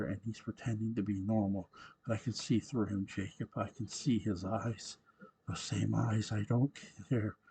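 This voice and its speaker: A man's voice: on the low side, gravelly, dark tone, low-quality recording. A man voicing a frantic older woman patient. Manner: pleading, desperate.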